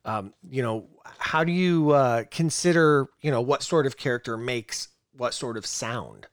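A man's voice: mid-range voice, unhurried, no room sound, studio quality. A man hosting a podcast in casual chat, asking questions and steering the talk. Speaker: podcast host.

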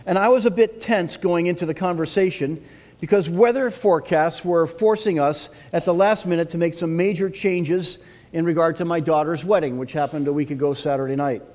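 Middle-aged man, Boston accent, pastor giving a Sunday sermon; voice sits a little high, earnest and storytelling. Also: a little mellow. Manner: earnest, reflective, with prayerful pauses.

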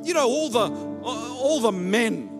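Animated, high-voiced man preaching a sermon. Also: slow pace, over music. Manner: animated preaching that leads the congregation. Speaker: pastor. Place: church hall with a congregation.

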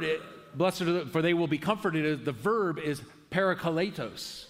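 A male pastor preaches in a relaxed, conversational way, earnest and often restarting mid-sentence. His voice sits a little higher than most men's. The sound rings with the long reverb of a large church hall. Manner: earnest, halting, with frequent restarts. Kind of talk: conversational sermon.

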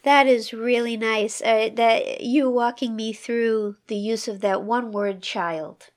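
A woman's voice: fairly high pitch, fairly even intonation, slow pace. A woman co-hosting a discussion of poetry, enthusiastic about the verse and reading it aloud with feeling.

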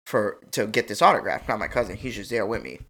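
A young man hosting a casual chat, telling an animated, slangy story and acting out quotes. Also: lowish voice, fast. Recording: loud background noise.

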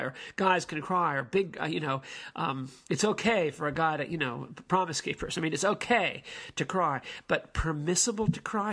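Man, gravelly husky voice, fairly high pitch, halting rambling talk. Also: pushed and bright. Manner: rambling, halting, many restarts and fillers. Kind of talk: casual spoken commentary on songs.

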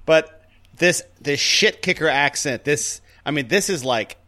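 Man, podcast co-host, animated and ranty, voice swings up and down a lot. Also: a little high, a little slow. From Tennessee. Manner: animated, ranting, laughing. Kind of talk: casual chat.

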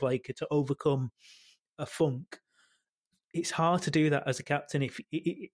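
A man, a football podcast panelist talking in a halting way full of restarts. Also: medium pitch. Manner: halting, many restarts and fillers. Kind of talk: casual football chat.

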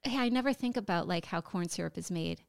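A woman's voice: lowish voice, fast, gravelly, clean tone. A woman co-hosting a podcast, listening to a story and reacting with questions and musings, using lots of "like". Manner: reacts with gasps and questions, filler "like". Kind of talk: casual chat.

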